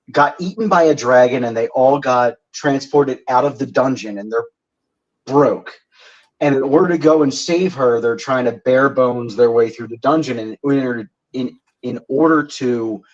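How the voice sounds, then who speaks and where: A man's voice: medium pitch, dull audio. A man co-hosting a podcast in casual chat, easygoing and wry as he explains things. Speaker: podcast co-host.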